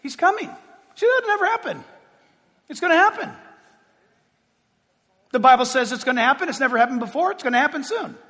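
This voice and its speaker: A man preaching a sermon, emphatic, swinging from loud declarations to hushed, quiet passages. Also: extremely high pitch, expressive, quick pace, pauses often. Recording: long hall reverb.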